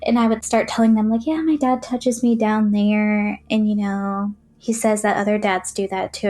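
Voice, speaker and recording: A woman's voice: medium pitch, steady tone, moderate pace, hardly any pauses, darkish tone. A young woman recounting her childhood in an interview, in a plain, matter-of-fact way with frequent fillers. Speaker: interview guest. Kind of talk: personal testimony in an interview.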